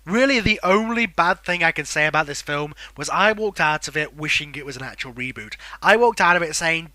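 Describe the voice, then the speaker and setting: Man, film reviewer, bright forceful voice, dry close sound, chatty and opinionated. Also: a little high, animated, a little fast, hardly any pauses, no room sound. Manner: enthusiastic, rambling, opinionated. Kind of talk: casual spoken film review.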